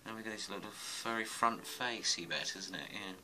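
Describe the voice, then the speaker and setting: A man's voice: on the low side, moderate pace, sharp tone, slight background noise, rough recording. A man giving a casual drawing tutorial, muttering and rambling to himself as he sketches. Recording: music playing underneath. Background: music.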